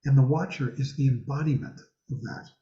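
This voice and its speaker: Measured man with echoey, dull sound. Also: medium pitch, warm tone. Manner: measured, emphatic, slows on key words. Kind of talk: teaching in group discussion. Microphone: video call. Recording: echoey, dull video-call audio.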